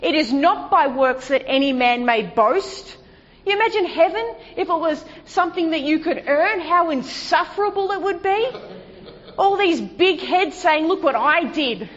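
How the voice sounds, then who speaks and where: A woman's voice: expressive, moderate pace. Woman preaching in a reverberant hall. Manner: emphatic, rhetorical questions, shifts to hushed low delivery. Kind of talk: sermon. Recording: dull sound with long hall reverb.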